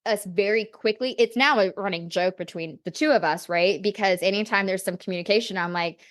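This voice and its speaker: A woman's voice: medium pitch, brisk, a bit bright. A woman guest on a podcast interview, telling a personal story in a reflective, candid way with frequent casual fillers. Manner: reflective, personal, heavy on "you know" and "like".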